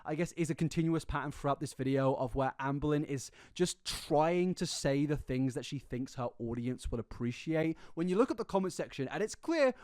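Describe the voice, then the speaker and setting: A man's voice: a little high, animated, fairly quick, few pauses, darkish tone. A man hosting an opinion commentary video, reacting to clips and often repeating words as he gets worked up.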